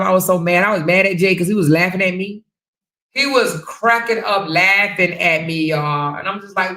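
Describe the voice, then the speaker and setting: A woman hosts a casual livestream, talking straight to her viewers and reading out their comments. Her voice has a gravelly edge, and she gets loud and animated when she tells a story, swearing freely as she goes. The sound is a bit roomy and echoey. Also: medium pitch, fairly quick. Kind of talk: casual chat.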